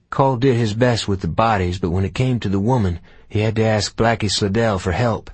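Deep husky guy reading an audiobook, dry close sound. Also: no echo. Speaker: audiobook narrator. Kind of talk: audiobook narration.

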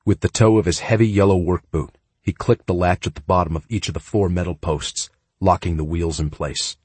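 A man's voice: low-pitched, fairly even intonation, brisk, darkish tone, breathy edge, no echo. A man narrating a first-person audiobook in a raw, emotive, earnest manner.

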